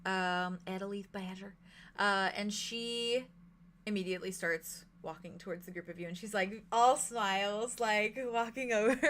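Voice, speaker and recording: Brief: woman game master, chatty and giggly, slightly high voice, faint hiss behind. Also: fairly bright tone. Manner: chatty, giggly, many fillers. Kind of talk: narrating a tabletop role-playing game.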